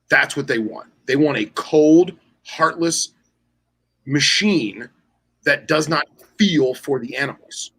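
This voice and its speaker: A man's voice: a little high, slow pace, breathy edge, low-quality recording. A man in casual chat on a podcast, telling stories with lots of fillers and restarts, acting out the dialogue of other people. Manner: animated storyteller acting out quoted dialogue; loose, with many fillers and restarts. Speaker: podcast co-host.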